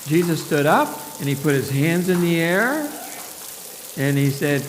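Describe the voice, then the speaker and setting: A leader telling a Bible story to children in a church, animated and coaxing them to join in. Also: medium pitch, moderate pace. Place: church sanctuary. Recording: echoey hall with loud background hiss.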